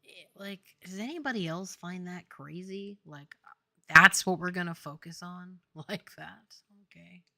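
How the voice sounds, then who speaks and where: A woman's voice: fairly low pitch, measured pace, gravelly, bright, forceful tone, dry recording, clean studio sound. An American woman, a game developer streamer, rambling in casual livestream chat, filling her talk with "like" and laughing often. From United States.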